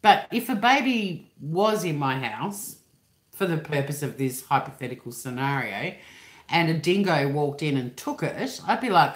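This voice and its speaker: A woman's voice: deep voice, sing-song, normal speed. An Australian woman in her fifties, hosting a livestream from home in a rambling casual chat and swearing freely. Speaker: livestream host. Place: living room at home. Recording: roomy echo.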